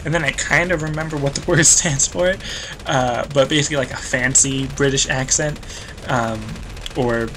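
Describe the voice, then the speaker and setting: A man's voice: medium pitch, steady tone, normal speed, background noise. A young American man rambling through casual gameplay commentary, self-deprecating and full of fillers and small laughs. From United States. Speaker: let's play host.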